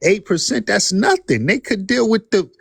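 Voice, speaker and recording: A man running a heated live-stream debate, his voice swinging widely up and down as he presses his point. He talks over the others and keeps telling them to calm down. The sound is close and dry, with no room around it. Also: high voice, normal speed, gravelly, breathy edge, dry recording.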